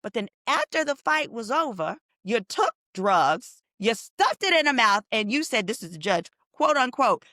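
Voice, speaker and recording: A woman attorney, a podcast guest, telling stories in a lively way and acting out the quotes she retells. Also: a little high, moderate pace, hardly any pauses, dry recording, studio quality. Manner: animated storyteller, acts out quotes. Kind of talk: casual podcast interview.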